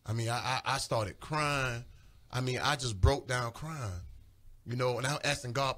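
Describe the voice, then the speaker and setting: A man's voice: mid-range voice, normal speed, sharp tone. A man talking on a studio radio show, preaching with growing fervor and pleading urgency. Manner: preaching fervently, voice rising and pleading. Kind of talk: impassioned religious radio talk. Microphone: studio microphone.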